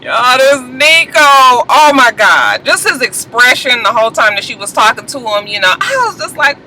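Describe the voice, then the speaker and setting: A woman giving a casual, gossipy TV episode recap, animated and sassy, laughing often and swearing freely. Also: sits high, moderate pace, few pauses, a little hiss or hum, rough recording. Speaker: TV show reviewer.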